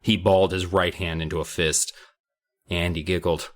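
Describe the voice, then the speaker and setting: A man's voice: sits low, normal speed. A man co-hosting a podcast, chatting jokingly and reading a book aloud. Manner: animated, jokey. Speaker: podcast co-host.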